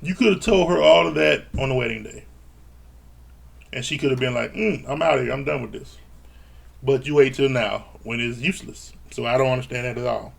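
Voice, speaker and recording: A man's voice: medium pitch, a little fast, vocal fry. A man recapping a reality TV episode in a blunt, exasperated rant, swearing freely. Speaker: reality TV reviewer. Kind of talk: casual ranting recap.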